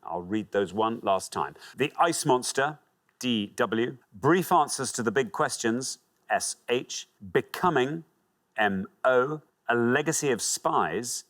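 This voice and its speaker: A man hosting a TV quiz show, reading clues crisply and announcing scores. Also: on the low side. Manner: lively, reads clues crisply. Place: TV studio.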